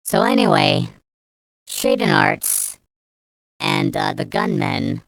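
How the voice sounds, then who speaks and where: Young woman ranting on a vlog, low clear voice, swears a ton, keeps restarting. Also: expressive, takes it slowly, long pauses, no echo, faint music behind. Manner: angry, profane, rambling with restarts. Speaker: vlogger. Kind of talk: storytime rant.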